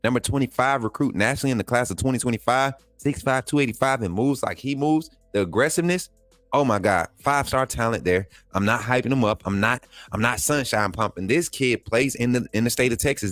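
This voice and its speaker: A man hosting a sports livestream, hyping players and reading chat, excitable and repeating himself in casual slang. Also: mid-range voice, fairly quick, dry recording, faint music behind. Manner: excitable, hypes players, talks straight to viewers; repeats phrases, casual colloquial speech. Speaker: sports channel host.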